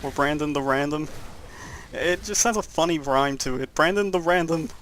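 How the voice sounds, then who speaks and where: A man's voice: a little high, moderate pace, a bit bright, a little hiss or hum. A young man giving casual, rambling gameplay commentary, joking and laughing at his own jokes. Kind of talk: casual let's-play commentary.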